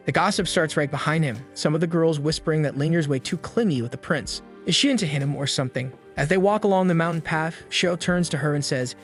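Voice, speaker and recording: A man narrating a comic recap with a casual, joking storytelling manner. His voice sits somewhat higher than most men's. Faint music runs quietly behind the narration. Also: animated, a little fast, few pauses.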